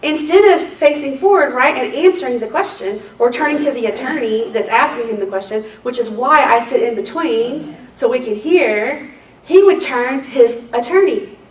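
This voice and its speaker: A woman court reporter, telling lively stories at a seminar and acting out the people she quotes. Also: high-pitched, moderate pace, slight background noise. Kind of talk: anecdotal seminar talk to a group. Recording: echoey room, distant mic.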